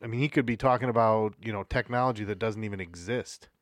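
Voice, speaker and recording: A man with a low voice talking on a podcast, musing and hedging as he works through ideas. The sound is dry and close, with casual cursing. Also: fast, dry recording. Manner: musing, hedging with fillers, profane. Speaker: podcast co-host. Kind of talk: casual chat.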